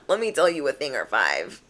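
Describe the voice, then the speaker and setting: A woman's voice: rumbling low, a bit bright. A young adult woman giving a casual, encouraging tarot reading to camera, emphatic and repeating phrases. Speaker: tarot reader.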